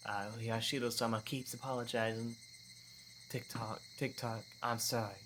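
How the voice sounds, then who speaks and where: A man's voice: medium pitch, normal speed, a bit bright, slight background noise, close to an everyday voice. A man reading a visual novel aloud, voicing a tormented teenage girl sinking into paranoid delusion, repeating herself in an obsessive, pleading way. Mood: hollow.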